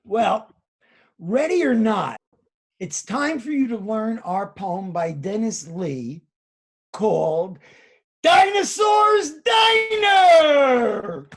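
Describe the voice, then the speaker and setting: Slow, husky-voiced male drama teacher. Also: high voice, expressive. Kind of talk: guided classroom instruction.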